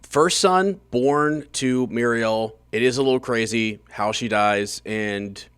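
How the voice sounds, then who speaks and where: A man's voice: medium pitch, slow pace, a bit bright, smooth, dry recording. A man chats casually as a podcast co-host, his voice sitting in a middle range. He laughs easily and trips over tricky names. The sound is dry and close. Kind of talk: casual chat about a book.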